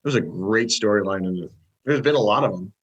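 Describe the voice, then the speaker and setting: A man guesting on a podcast as a movie reviewer, chatting in an animated way and jumping up in pitch when he quotes himself. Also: a little fast, low-quality recording. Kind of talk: casual podcast chat.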